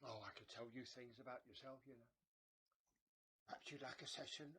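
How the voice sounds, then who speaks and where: A man's voice: medium pitch, fairly even intonation, brisk, bright, forceful tone, slightly rough. A man playing a chatty, scheming old woman fortune teller, rambling and stammering theatrically. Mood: gossipy. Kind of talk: comedy sketch acting.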